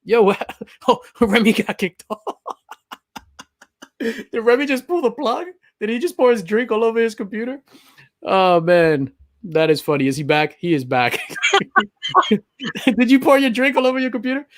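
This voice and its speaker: A man's voice: extremely high pitch, sing-song, unhurried, pauses often, no echo, clean studio sound. A man hosting a casual live stream, chatting animatedly, laughing and reading out viewer comments. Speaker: host of a live stream show.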